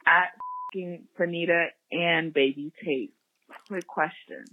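A caller asking a crude question on a podcast, loud and excitable, through a phone line. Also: medium pitch, slow, dry recording.

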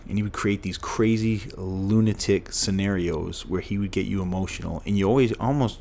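Middle-aged man from Massachusetts, very low voice, emphatic storyteller on a podcast, faint room hiss. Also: normal speed, gravelly, hardly any pauses, a little mellow. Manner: emphatic, repeats phrases for punch. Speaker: podcast guest, former football player.

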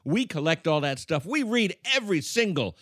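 A man's voice: on the high side, sing-song, moderate pace, a bit bright, no echo, studio quality. A man co-hosting a comedy podcast, chatting casually and playfully, stretching out running catchphrases. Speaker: podcast co-host.

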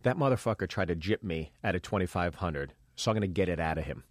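A man's voice: low-pitched, fast talker, no room sound. Comedian guy telling a gig story, swears a lot, does the voices, dry close mic sound. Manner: animated storyteller acting out dialogue, profane. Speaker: comedian podcast co-host. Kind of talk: casual storytelling chat.

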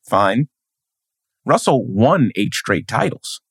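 Man, sports journalist, emphatic, mid-pitched voice, dry close studio sound. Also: very animated, slow pace, fairly bright tone, slightly rough, no echo. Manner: emphatic, building points with repeated phrases. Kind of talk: podcast interview.

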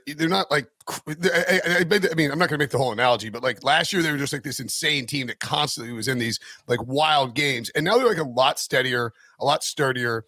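Man, sports podcast co-host, rambling casual talk, middle pitch, dry mic. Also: fast talker, few pauses, sharp tone, dry recording. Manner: rambling, lots of fillers and restarts.

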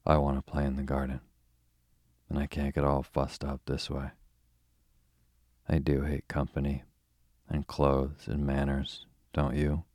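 A fussed, complaining little girl from a storybook, read by a man without changing his deep, flat voice. It sounds calm and close, with a dry sound. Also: a little slow, long pauses, dry recording. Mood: cross. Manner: complaining, sighing. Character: cross, fussed young girl.

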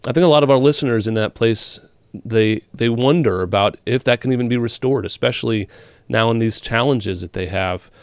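A male radio host and minister asking a long, thoughtful question in measured, halting phrasing. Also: mid-range voice, clean tone, dry recording. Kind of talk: interview question.

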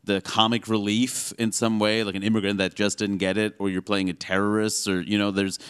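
Fast-talking, animated American comedian guy. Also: lowish voice, smooth. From United States. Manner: quick, animated, self-mocking, lots of "like" and "you know". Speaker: stand-up comedian, guest. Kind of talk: casual interview talk.

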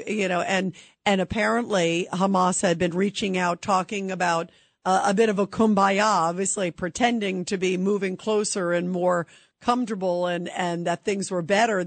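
A woman's voice: lowish voice, no echo. A woman hosting a call-in talk radio show, speaking in an emphatic, indignant, conversational way.

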